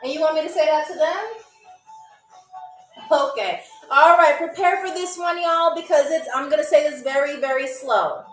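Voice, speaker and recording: A woman hosting a live trivia game show, chatting playfully with commenters and spelling out foreign phrases slowly. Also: high-pitched, distant mic. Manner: playful, teasing chat with commenters. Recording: echoey room, away from the mic, faint music.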